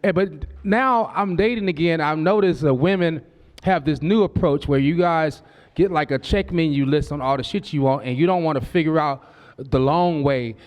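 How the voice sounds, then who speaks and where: A man's voice: a little high, moderate pace. A man in his forties from Southern California doing a stand-up comedy set on a club stage. He tells brash, profane stories and slips into quoted voices. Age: 40s.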